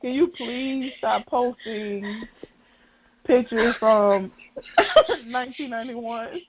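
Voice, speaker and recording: A woman in her thirties, a podcast co-host, talking slowly and sassily in casual chat, laughing through her lines. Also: a little high, fairly even intonation, breathy edge. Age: 30s. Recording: muffled lo-fi recording with loud noise.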